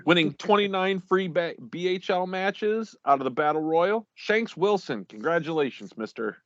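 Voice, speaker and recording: A man's voice: on the high side, lively intonation, normal speed, no echo, muffled recording. A man co-hosting a casual podcast, reading out league champions while stumbling over names and laughing at himself.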